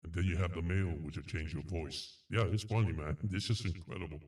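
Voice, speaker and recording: A man using a deepening voice changer to sound like a booming robot villain, hamming it up playfully. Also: a little fast, a little mellow. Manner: playful, hammy. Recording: distant and roomy.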